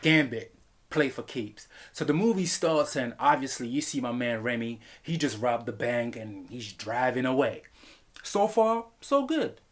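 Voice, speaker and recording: A man reviewing a film in a comedic vlog, animated and profane, laughing often. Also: medium pitch, a little slow.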